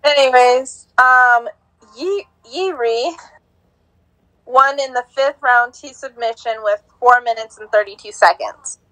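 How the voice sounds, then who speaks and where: A woman's voice: on the high side, slow, a bit bright, no room sound, poor audio. A young woman co-hosting a casual podcast, giggling as she stumbles over names. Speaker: co-host giving sports news.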